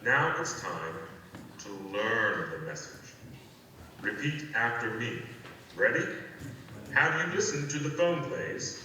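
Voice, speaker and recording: A man playing a calm, secretive guide who gives measured, deliberate instructions in a scripted audio play. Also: medium pitch, a little hiss or hum, heavily acted. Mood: calm, instructive. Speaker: phone play narrator. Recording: echoey hall, voice from far off, faint ambience.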